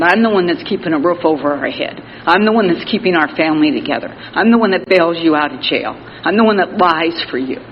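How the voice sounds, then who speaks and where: Candid woman speaking in a reverberant hall. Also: lowish voice. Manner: candid, plain-spoken, wry self-mocking humor; frequent "you know" fillers. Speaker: Al-Anon speaker. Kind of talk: recovery meeting share. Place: meeting hall. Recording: reverberant hall, slightly dull audio with faint noise.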